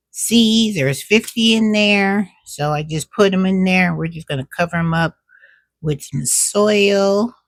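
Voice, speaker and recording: A woman's voice: fairly low pitch, gravelly, no room sound, clean studio sound. A woman chatting casually to camera at home as a cooking and gardening vlogger, drawing out her words and calling viewers "child" and "y'all".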